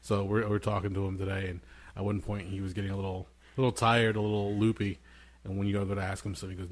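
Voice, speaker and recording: Lowish man telling animated stories. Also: fast. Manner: animated storyteller, acts out his toddler son in a high voice. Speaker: podcast co-host. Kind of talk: casual chat, storytelling.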